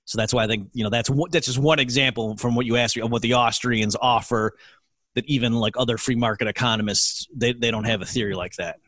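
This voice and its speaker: A man's voice: mid-range voice, fairly even intonation, quick pace, fairly bright tone, no room sound. A middle-aged man, an economist guest in an interview, explaining his field in an earnest, lecturing way. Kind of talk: interview answers.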